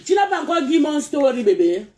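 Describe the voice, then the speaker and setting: A social media vlogger reads comments during a live stream and rants back at the commenters, confrontationally firing off the same taunting questions again and again. Her voice is high-pitched and warm with big pitch swings, she talks fairly quickly, and there's a little hiss or hum.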